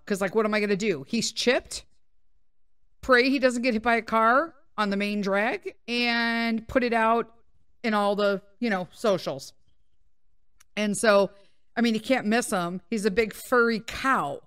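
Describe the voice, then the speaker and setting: A woman podcast host telling a story in casual chat, animated and full of swearing. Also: medium pitch, smooth, no echo, studio quality. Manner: profane, animated, laughing.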